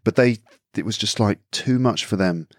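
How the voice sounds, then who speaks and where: A man's voice: lowish voice, moderate pace, no room sound, studio quality. A middle-aged man with an English accent, chatting as a podcast guest and acting out little asides as he talks. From England. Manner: chatty, animated storytelling with acted-out asides. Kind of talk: casual podcast conversation.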